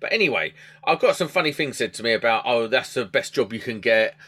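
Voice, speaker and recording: Animated, bright-voiced man. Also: mid-range voice, a little fast, husky. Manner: animated storytelling, swears casually. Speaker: podcast co-host, electrician. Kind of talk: casual podcast chat.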